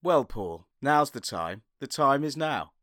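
A man co-hosting a casual comedy podcast, giggly and quick to put on silly voices and sound effects. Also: medium pitch, very animated, a bit bright. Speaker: podcast co-host.

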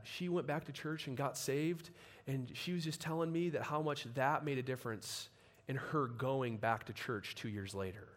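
A male pastor preaches a sermon in a medium-pitched voice. He tells stories in a relaxed, conversational way and builds up to emphatic passages.

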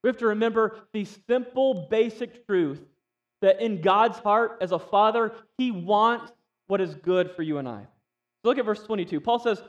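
A man's voice: sits high, moderate pace, far from the mic, dull audio. Conversational man preaching a sermon. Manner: conversational, asks the audience questions. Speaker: pastor.

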